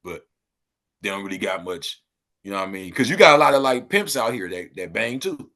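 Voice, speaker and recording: A man from Los Angeles talking loosely as a podcast guest, breaking into animated exclamations. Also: on the low side, a little fast. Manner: loose street talk, animated and exclaiming when riled. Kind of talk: casual interview chat.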